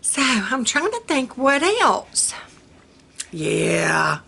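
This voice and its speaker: An older woman talks to her viewers in a slow, easy drawl. Her voice is bright and swoops up and down as she giggles through her homey stories. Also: a little high, wildly swooping pitch, creaky, husky. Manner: giggly, folksy, laughs often at her own jokes. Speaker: vlogger. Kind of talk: casual chat to camera.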